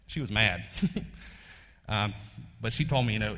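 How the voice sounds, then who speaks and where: A man's voice: medium pitch, brisk, a bit bright. A man, preaching a casual sermon and telling a personal story in a folksy way, laughing often. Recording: long hall reverb.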